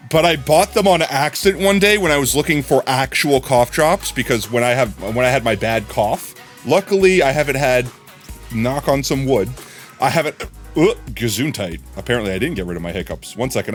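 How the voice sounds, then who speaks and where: A male streamer chats loosely to his audience at an ordinary mid pitch, circling back over his own words and chuckling between thoughts. Faint music plays quietly behind him. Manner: rambling, repeats words, laughs often. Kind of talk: casual stream chat.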